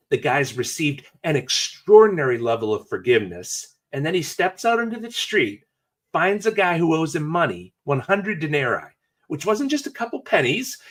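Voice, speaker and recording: Animated, conversational male preacher. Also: on the high side. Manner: animated, conversational storytelling with jokey asides. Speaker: pastor. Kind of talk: sermon.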